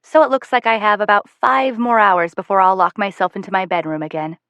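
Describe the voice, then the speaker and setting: A woman narrating a first-person audiobook in a steady, measured way. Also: medium pitch, dry recording.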